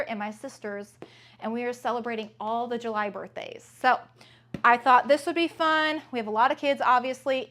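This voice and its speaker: A woman's voice: on the high side, a bit bright. A woman, a mother and family vlogger, chatting casually and upbeat through a grocery haul at home, with plenty of "um"s. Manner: chatty, upbeat, many fillers.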